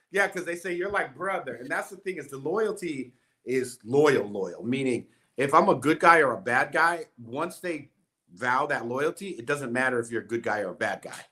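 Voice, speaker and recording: A man's voice: mid-range voice, expressive, moderate pace, bright, forceful tone. A man casually recounting a story, acting out quoted dialogue as he goes. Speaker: guest.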